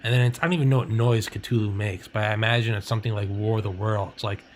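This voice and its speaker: A man's voice: on the low side, steady tone, fast talker, slight background noise. A man rambling in casual chat, swearing freely and leaning on "like" and "you know.".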